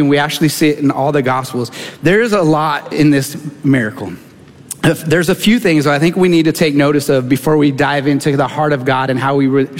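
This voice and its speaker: Earnest male pastor, a tenor voice, preaching from a stage mic with a lingering echo of a big room. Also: a little high. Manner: earnest, personal storytelling. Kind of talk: sermon. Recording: long church hall reverb.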